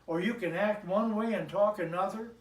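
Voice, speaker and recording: A man with a high voice preaches to his congregation in a loose, chatty way, dropping jokes between scripture readings. He is picked up from a distance in an echoey church sanctuary, with the room ringing around him. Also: moderate pace. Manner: joking, chatty asides to the congregation. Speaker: pastor. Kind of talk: conversational sermon.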